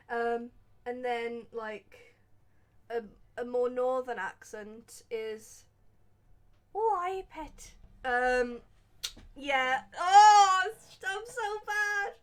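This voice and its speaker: A woman from England with an English accent, chatting casually and rambling as she plays a game on stream, laughing at herself. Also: fairly high pitch. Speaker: gaming streamer. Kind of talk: casual let's-play commentary.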